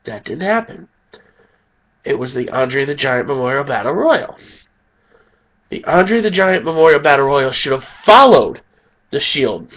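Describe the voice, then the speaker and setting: A man's voice: medium pitch, very animated, unhurried, long pauses, muffled recording. A man ranting angrily about wrestling, sounding tired and a little sick. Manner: heated, indignant ranting. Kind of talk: angry opinion rant.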